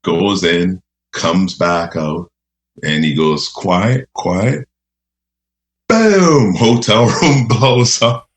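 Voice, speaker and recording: Slow, very deep-voiced man. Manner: laughing, rambling anecdotes, says "eh". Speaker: radio host guest. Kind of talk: casual storytelling.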